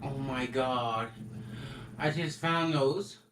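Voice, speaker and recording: A young man chatting while gaming, excitable and loud, swearing often. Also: mid-range voice, slow pace, noisy background. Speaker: gamer. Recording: echoey room.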